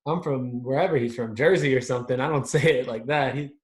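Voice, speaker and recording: A man's voice: mid-range voice, fast. Chatty man in an echoey room. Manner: chatty, leans on tag questions, hesitant with fillers. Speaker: podcast co-host. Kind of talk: casual sports chat.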